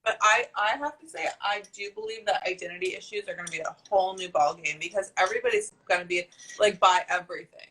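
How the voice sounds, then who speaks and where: A woman's voice: mid-range voice, fast talker, hardly any pauses, fairly bright tone, rough recording. A woman hosting a casual chat, gushing and playful, swearing freely. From New Jersey. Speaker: host.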